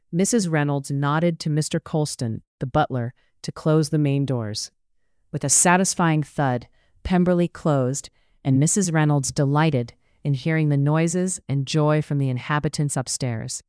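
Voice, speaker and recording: This scripted narration comes from an audiobook narrator working through a period novel in an even, measured way. The studio microphone picks up a clean tone at medium pitch with no echo.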